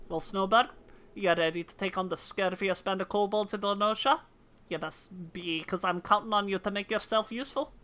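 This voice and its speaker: A woman's voice: mid-range voice, normal speed, fairly bright tone, voice pushed up, close to an everyday voice. A woman voicing a brash, swaggering naval lieutenant in a put-on Scottish accent, reading game cutscene lines theatrically.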